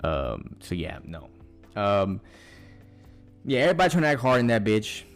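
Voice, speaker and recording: Deep-voiced man rambling casually. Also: wildly swooping pitch, normal speed, faint music behind. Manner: rambling, profane, slangy, full of "bruh". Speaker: podcast host. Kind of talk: casual monologue storytelling.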